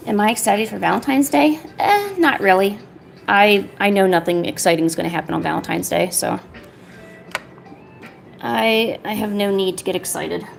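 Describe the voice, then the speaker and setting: A woman's voice: medium pitch, moderate pace, creaky, faint music behind. A woman chatting casually on an art livestream, playfully scolding her cat in a mock-stern voice.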